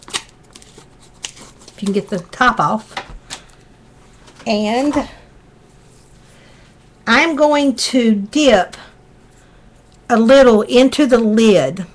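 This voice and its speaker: This is a middle-aged woman with a warm Southern US drawl, a little higher-pitched than most. She walks viewers through a craft project in a folksy, chatty way, talking along as she works. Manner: chatty, folksy, talks while working. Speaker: craft demonstrator. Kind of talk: live craft tutorial.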